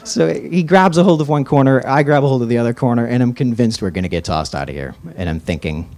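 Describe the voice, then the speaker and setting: A radio DJ telling a personal story live on stage, casual and rambling with fillers. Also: male voice, mid-range voice, animated, fast talker, darkish tone.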